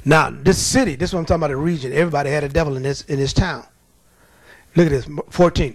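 Male preacher, high voice, emphatic and colloquial storytelling, dry close recording. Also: fast talker, no room sound. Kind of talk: sermon.

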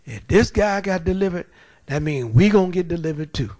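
A man's voice: high voice, expressive, a little fast, a little mellow, dry recording. A man doing fretful, possessed townsfolk. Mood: worried. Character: alarmed townsfolk full of demons, male, worried.

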